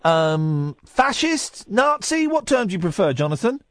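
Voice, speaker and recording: Lively teasing male radio host. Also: high-pitched, measured pace, no echo. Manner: playful, teasing, puts on silly voices. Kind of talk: casual radio banter.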